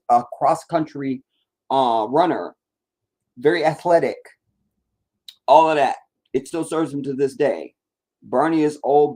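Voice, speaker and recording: A man's voice: medium pitch, mellow, low-quality recording. A man giving casual live-stream political commentary in a blunt, rambling, profane rant.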